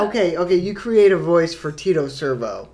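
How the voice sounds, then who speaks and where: A man's voice: on the high side, lively intonation, normal speed, a little mellow. A man co-hosting a casual live stream, rambling and laughing often as he chats. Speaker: co-host.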